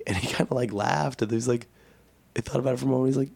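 A young man, a bit hoarse from losing his voice, telling a story in casual podcast chat and acting out quoted lines in a higher voice. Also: fast, no echo. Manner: animated storyteller, acts out quotes with a raised voice. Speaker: podcast host.

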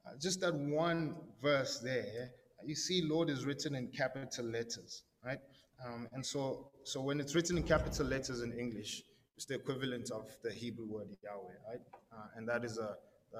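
A young man teaching a casual sermon to a live group in a large hall, talking conversationally with frequent restarts and checking in with his listeners. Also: mid-range voice. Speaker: pastor teaching a Bible study. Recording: long hall reverb, faint background noise.

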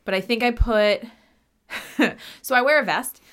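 A woman's voice: fairly high pitch, a little slow, smooth. A woman playing a tabletop role-playing game, chatting casually and describing her character's actions in detail. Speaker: player.

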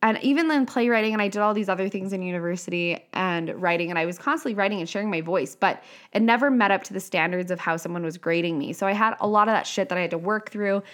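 Speaking quickly and hardly pausing, a half-Italian woman who works as an author and coach delivers a relaxed monologue in a medium pitch. Her tone is spirited and foul-mouthed, with frequent playful impressions.

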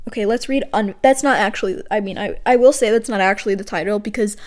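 A young woman hosting a podcast, rambling and self-mocking as she reads her own unfinished poems, dropping soft and quiet for the verses. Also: quick pace. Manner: self-mocking and rambling, drops soft and low when reading. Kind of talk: casual self-deprecating chat with poetry reading.

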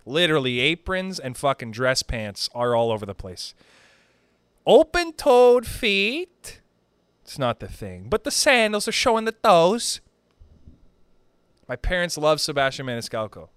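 A young man from Canada doing a rambling, profane stand-up monologue, pushing his pitch up and down for emphasis. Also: fairly bright tone, clear, resonant tone, no room sound. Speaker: stand-up comedian.

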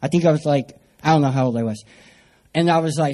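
A man's voice: high voice, animated, quick pace, darkish tone. A young man from San Diego preaching a sermon, telling a personal story with self-mocking humor. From San Diego area, US.

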